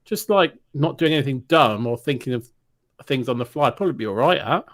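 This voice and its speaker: A man's voice: medium pitch, animated, fairly quick. A man co-hosting a gaming podcast, amused and easygoing in casual chat. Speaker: podcast co-host.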